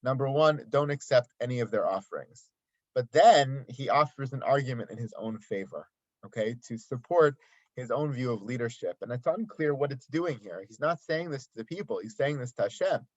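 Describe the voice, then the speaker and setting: A Torah teacher with a medium-pitched, expressive voice gives a daily commentary lesson at normal speed, explaining the text and posing rhetorical questions. The recording is dry and slightly dull.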